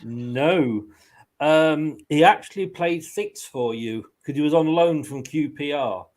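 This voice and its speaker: Guy hosting a fan quiz stream, kinda high voice, chatty and giggly. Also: slow, a little mellow. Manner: chatty, laughs often while talking. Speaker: quiz host. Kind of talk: casual online quiz show chat.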